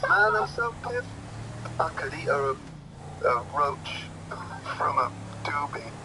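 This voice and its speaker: Man doing stoned young slang-talking guy, laid-back, pitch leaping about, noisy recording. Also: expressive, slow. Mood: dopey.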